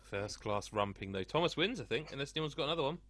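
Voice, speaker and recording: A man's voice: mid-range voice, animated, fast, a crowd in the background. A man hosting a casual podcast chat, who rambles, laughs often and talks over his co-hosts. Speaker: podcast host. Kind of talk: casual banter.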